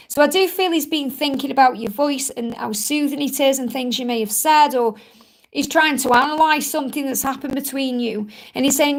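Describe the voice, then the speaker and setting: Casting: high-pitched woman with a gravelly edge, chatty live-stream reader, reassuring and rambling. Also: moderate pace, rough recording. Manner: chatty, reassuring, rambling with many "you know"s. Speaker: psychic reader hosting live Q&A. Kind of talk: live-stream card reading.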